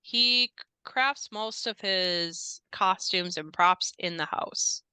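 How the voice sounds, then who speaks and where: A polite, jittery house servant in a tabletop horror game, as a woman voices him. He rambles and hesitates, but his tone stays low and very smooth and crisp. The sound is dry and close. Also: slow, bright, forceful tone, no room sound. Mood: chatty. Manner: hesitant, rambling, many fillers. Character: polite, nervous male house staffer.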